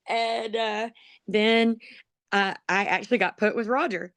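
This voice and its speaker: A woman gives a personal testimony close to the mic in a dry, deadened room. She rambles through her memories with plenty of ums and little laughs at herself, at a middling pitch, and turns emotional as she talks. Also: takes it slowly, pauses often, a bit bright, dry recording. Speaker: interviewee, dog program graduate. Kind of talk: personal testimony, conversational storytelling.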